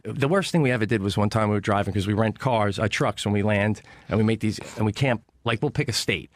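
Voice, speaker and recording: Fast-talking man telling a wild story. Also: lowish voice, no room sound. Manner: fast, animated storytelling with lots of profanity. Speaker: guest comedian. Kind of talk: storytelling on a talk radio show. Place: radio studio.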